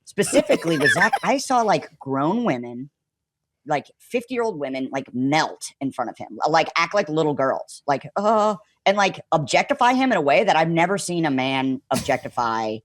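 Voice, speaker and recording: A man telling a story as a podcast guest in a casual, animated way, filling his speech with "like" and acting out what people said. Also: on the high side, normal speed, no room sound. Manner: animated, full of "like" and acted-out quotes.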